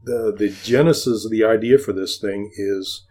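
A man's voice: fairly low pitch, normal speed, dark tone. A man as a podcast guest, explaining his model kit design with many fillers. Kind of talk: casual interview.

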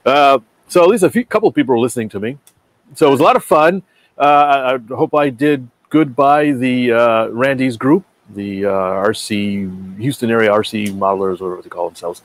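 A man's voice: mid-range voice, moderate pace. A man hosting a casual chat, rambling with many fillers. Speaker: podcast host.

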